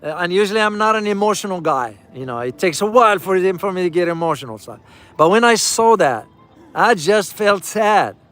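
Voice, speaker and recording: A man's voice: sits high, animated, brisk, fairly bright tone. A man giving casual travel commentary to his viewers while riding through a city, addressing them as "guys" and repeating key phrases for emphasis. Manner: speaks directly to viewers as "guys".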